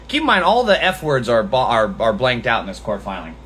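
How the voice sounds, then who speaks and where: A man's voice: mid-range voice, expressive, brisk, few pauses, fairly bright tone, slight background noise. A man hosting a political podcast livestream, talking in a profane, sarcastic, mocking way. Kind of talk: livestream commentary.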